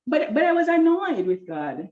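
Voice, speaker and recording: A woman telling a lively personal story, acting out the voices of people she quotes, with a slightly dull recording. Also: high voice, moderate pace. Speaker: guest telling her love story. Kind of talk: animated storytelling.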